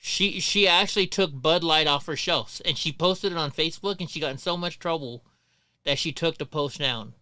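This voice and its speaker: A middle-aged man hosts a casual livestream and tells long, profane stories, full of restarts and asides. His voice is bright and crisp, with a close, dry sound. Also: on the high side, moderate pace, no echo. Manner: rambling, profane, many restarts. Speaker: livestream host.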